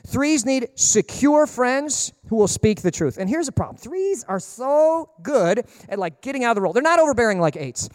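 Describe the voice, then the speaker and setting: A man preaching a sermon as pastor, emphatic and humorous, acting out people in quick asides. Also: extremely high pitch, sing-song, clean studio sound. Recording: long reverb of a large hall.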